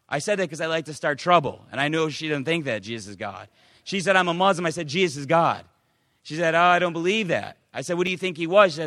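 A man preaching a sermon as pastor, emphatic, swinging from loud preaching to quiet asides. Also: fairly high pitch, dry recording, clean studio sound, big-room sound.

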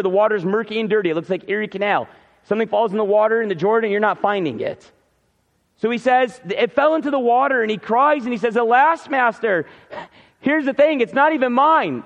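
High-voiced pastor in a reverberant hall. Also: male voice. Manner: conversational, acts out the biblical characters' lines. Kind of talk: sermon. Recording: reverberant, dull hall sound.

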